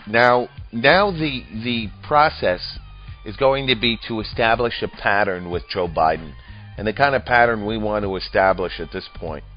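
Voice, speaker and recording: A man doing rambling, profane comedic political commentary, crude and mocking as he talks. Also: lowish voice. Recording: dull lo-fi audio with faint music.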